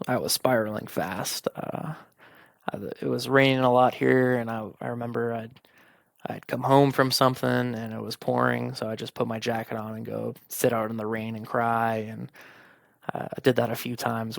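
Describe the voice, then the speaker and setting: This young podcast host speaks at medium pitch with vocal fry, recorded with no echo. He shares a personal story bluntly and profanely, playing out each conversation as he recounts it.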